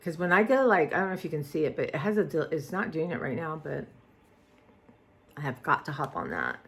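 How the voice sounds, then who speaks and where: A woman's voice: sits low, very animated, fairly quick, vocal fry, fairly bright tone. A woman, vlogging in a rambling casual chat that trails off and restarts often.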